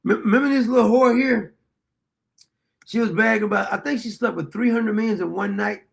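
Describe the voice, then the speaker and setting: A man's voice: sits high, brisk, creaky. A man hosting a livestream who laughs, exclaims and mocks the clips he plays. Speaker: livestream host. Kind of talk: mocking livestream commentary.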